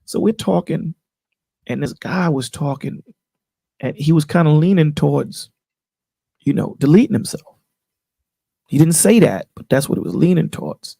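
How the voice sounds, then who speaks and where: A man's voice: fairly high pitch, lively intonation, normal speed, vocal fry, long pauses, warm tone, breathy edge, no echo. A man hosting a panel on his channel, talking in a casual, preachy way and often asking "you know what I'm saying". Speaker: channel host on a panel call. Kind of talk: casual chat.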